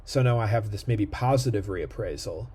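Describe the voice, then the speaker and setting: Male lecturer, husky, dark tone, conversational, lots of fillers. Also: fairly low pitch, lively intonation, normal speed. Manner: conversational, thinking aloud with frequent fillers and "right?". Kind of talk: recorded lecture.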